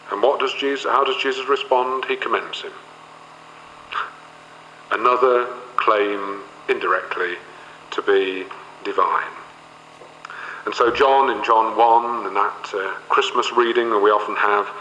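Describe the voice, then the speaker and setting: A man's voice: fairly low pitch, pushed and bright, echoey room, in a large hall, a little hiss or hum, low-quality recording. A man leading a Bible study, reading verses aloud and explaining them, with occasional fillers. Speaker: Bible teacher.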